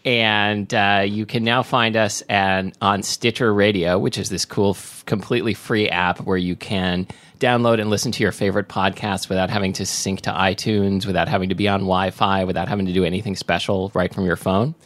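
A man's voice: low voice, level tone, normal speed, a bit bright. A man co-hosting a podcast in casual chat, playful and goofy, laughing a lot. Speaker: podcast co-host.

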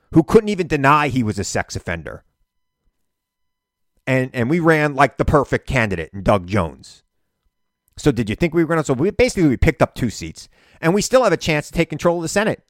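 A man hosting a radio talk show, delivering an animated political monologue with indignant emphasis. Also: a little high, dry recording, studio quality.

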